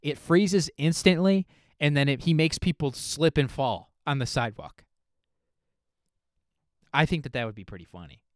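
A man's voice: fairly high pitch, moderate pace, pauses often, no echo, clean studio sound. A man hosting a solo podcast, rambling casually with lots of swearing and fillers. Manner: rambling, profane, filler-heavy. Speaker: podcast host.

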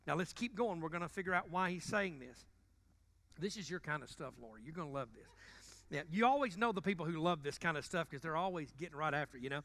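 A man preaching a sermon in a church, joking casually with the congregation and swinging between loud bursts and quiet asides. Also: high-pitched, expressive, brisk. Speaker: pastor. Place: church sanctuary.

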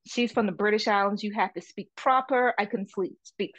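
A woman from French Saint Martin in the Caribbean, a native French speaker with a Caribbean accent, talks as an interview guest; she is an artist and caterer. Her medium-pitched voice comes at normal speed, animated and emphatic with frequent "you know", in casual interview talk. The recording is dry and dull.

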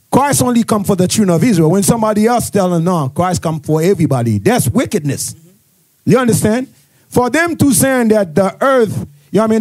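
A man's voice: high voice, a little mellow, no echo. A man speaking heatedly in a bible study, repeating "you understand" to press his points.

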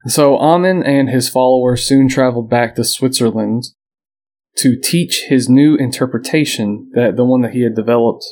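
A man's voice: medium pitch, moderate pace. A man co-hosting a podcast, casually retelling history with fillers and small laughs. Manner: relaxed storytelling with frequent fillers and laughs. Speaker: podcast co-host.

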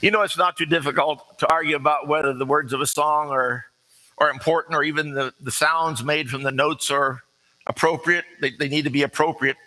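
A man's voice: a little high, steady tone, fairly quick, bright, forceful tone, rough recording. A man preaching an earnest, conversational sermon with folksy asides.

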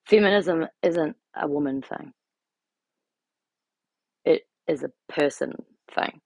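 A woman's voice: low-pitched, slow, gravelly, darkish tone, no echo. A young adult woman talking straight to camera in a blunt, sweary, exasperated rant. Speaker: vlogger. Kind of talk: ranting casual monologue.

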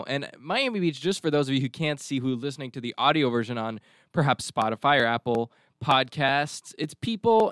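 A man's voice: medium pitch, a bit bright, clean tone, no room sound, studio quality. A man hosting a podcast, talking in a rambling, jokey, digressive way. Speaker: podcast host. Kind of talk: casual chat.

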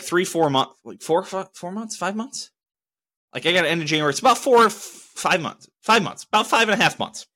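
A man's voice: fairly high pitch, sharp tone. A young man hosting his own solo podcast, talking casually in a rambling, profane, heated way. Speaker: podcast host.

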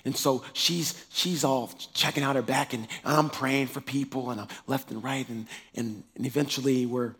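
A man telling a personal faith testimony in a lively way, acting out the voices in his story. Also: mid-range voice, moderate pace, hardly any pauses, husky. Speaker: preacher sharing a testimony.

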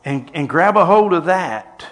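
An older man preaching a sermon, telling stories and swinging between quiet passages and loud, shouted lines. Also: fairly high pitch, expressive, a little slow. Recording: long hall reverb.

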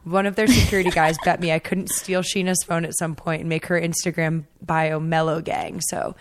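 Woman co-host just chatting, lowish voice, kinda trails off quietly. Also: flat delivery, normal speed. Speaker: podcast co-host. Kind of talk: casual chat.

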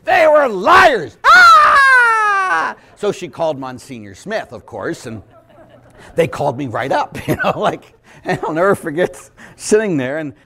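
A Catholic priest giving a lively preaching talk, an animated storyteller with sudden loud bursts and chuckles. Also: male voice, a little high, moderate pace, husky.

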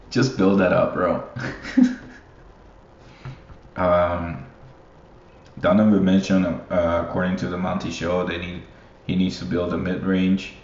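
Slow, low-voiced young man ranting. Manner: profane, rambling, laughs often. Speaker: basketball fan. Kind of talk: casual solo commentary. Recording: roomy, muffled, faint hiss.

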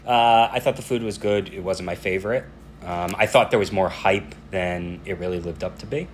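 A man with a notably low voice co-hosts a podcast in easygoing chat. He tells stories at a relaxed pace and slips into quick bits of back-and-forth dialogue. A faint hiss sits under the recording. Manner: relaxed storytelling, acting out dialogue. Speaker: podcast co-host. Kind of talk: casual chat.

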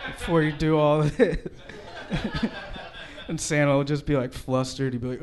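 A man's voice: fairly high pitch, fairly even intonation, slow, long pauses, a crowd in the background. A man performing a loose, conversational stand-up set who often laughs at his own jokes. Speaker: stand-up comedian.

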